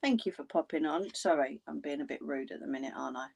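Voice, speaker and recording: A woman's voice: sits low, fast talker, vocal fry, slightly rough. A woman chatting casually with viewers on a craft livestream. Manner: chatty, talks to viewers in the chat.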